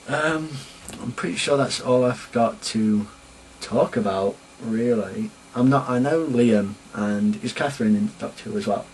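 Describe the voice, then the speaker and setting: A young vlogger from Sheffield, England, rants casually to camera in a rambling, chatty way with a Sheffield accent. His voice is fairly low and darkish, his pace measured, and the rough recording has a bit of hiss or hum.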